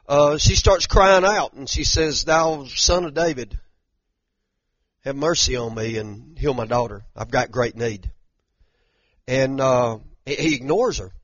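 A male pastor delivers a sermon in a conversational, meandering way, doubling up words as he goes. His voice sits a little high for a man. The recording is muffled and lo-fi, with no room echo at all. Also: fairly bright tone. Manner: conversational, frequent restarts and repeated words, addresses the congregation directly.

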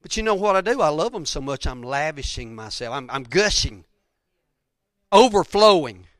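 A man's voice: medium pitch, lively intonation, brisk, a bit bright, no echo, studio quality. A man preaching a sermon in a church, folksy and rambling, with repeated phrases and asides to the congregation. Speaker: pastor. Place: church sanctuary.

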